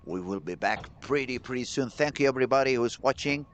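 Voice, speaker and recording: A man commentating live on a bowling tournament, excitable and chatty, talking straight to the viewers in the chat. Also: mid-range voice, fairly quick.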